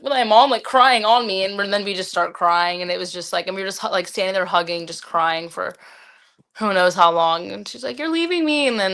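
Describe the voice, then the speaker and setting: Chatting with her dad as a podcast guest, a seventeen-year-old girl speaks in a lowish voice with vocal fry and a sharp tone. She wanders through her thoughts, leaning heavily on the filler "like."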